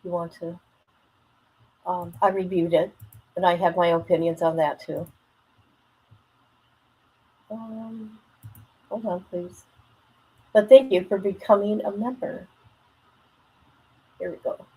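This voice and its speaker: Husky woman musing on a stream. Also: lowish voice, steady tone, slow pace, pauses often, warm tone, rough recording. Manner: musing, thinking aloud with trailing thoughts. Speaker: stream host reacting to a video. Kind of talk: casual livestream commentary.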